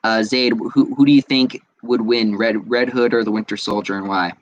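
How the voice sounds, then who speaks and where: On a lo-fi recording, an American podcast host rants alone, angry and profane, looping back over his points with constant fillers. His voice sits on the low side and he speaks at a normal pace with fairly even intonation.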